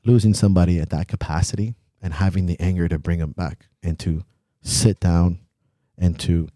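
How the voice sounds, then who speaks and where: A man's voice: low voice, fairly even intonation, normal speed, warm tone, dry recording, clean studio sound. A young man co-hosting a podcast, talking bluntly and emotionally, swearing freely. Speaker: podcast co-host. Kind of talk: candid podcast chat.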